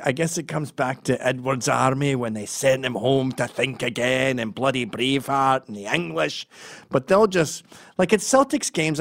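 A man telling a long comic story, rambling and profane and dropping deadpan asides. His voice sits in a middle register, and the delivery is loose and conversational. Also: mid-range voice. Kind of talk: comedic storytelling monologue.

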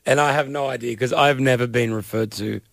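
A man's voice: medium pitch, steady tone, fairly quick, creaky, fairly bright tone, no room sound, studio quality. A man in his thirties with an Australian accent, co-hosting a casual radio chat, joking and teasing and laughing often. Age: 30s. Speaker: radio host.

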